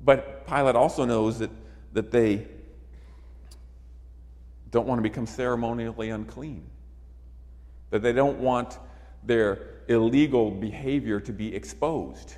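A man's voice: medium pitch, steady tone, a little slow, long pauses, darkish tone. A man preaching a sermon emphatically, repeating phrases for effect. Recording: long reverb of a large hall.

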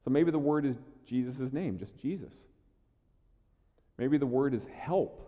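A man preaching a sermon as a pastor, talking conversationally and swinging between quiet asides and louder emphasis, often repeating words as he restarts. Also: medium pitch, expressive, unhurried. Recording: echoey hall, dull lo-fi sound.

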